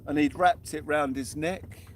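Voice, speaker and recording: A man's voice: fairly high pitch, fairly even intonation, a little slow. A young man keeps up a cheerful, chatty commentary as he fishes. He is out on a small boat at sea. A faint hiss of outdoor noise sits behind his voice. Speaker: fishing vlogger. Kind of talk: live-stream commentary.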